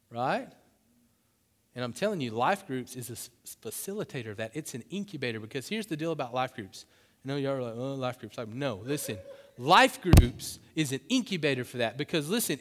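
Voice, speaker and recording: A man preaching a sermon to his church, passionate and swinging into loud, emphatic bursts. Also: medium pitch. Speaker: pastor. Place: church sanctuary. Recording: long hall reverb.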